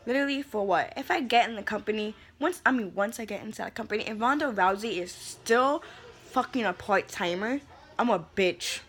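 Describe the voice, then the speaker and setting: Young woman, vlogger, heated rant, profane, sassy, middle pitch. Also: expressive, a little fast, a bit bright. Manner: profane, fired-up, sassy, calls people honey. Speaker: vlogger ranting about wrestling.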